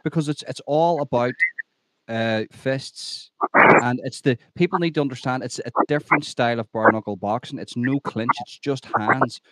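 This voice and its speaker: A man's voice: medium pitch, moderate pace, fairly bright tone, no room sound. Emphatic male podcast host, dry close sound. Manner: emphatic and opinionated, repeats himself when stressing a point. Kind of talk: conversational interview.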